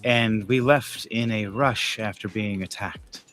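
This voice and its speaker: A man voicing a flirtatious, teasing snake-haired woman who talks low and hushed, with faint music behind. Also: slow pace.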